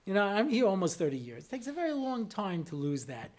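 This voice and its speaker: A man's voice: high-pitched, very animated, fast talker, few pauses. A middle-aged American man, a rabbi giving a humorous lecture, telling anecdotes in a chatty way with constant "you know" asides. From United States.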